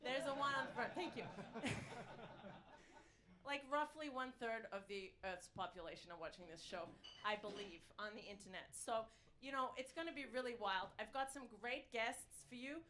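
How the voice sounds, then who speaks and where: A woman playing a brash, cocky male talk show host with a put-on New York accent, delivering boastful deadpan one-liners live on stage. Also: a little high, moderate pace, crowd noise, lightly acted. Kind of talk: stand-up character comedy. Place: live stage before an audience.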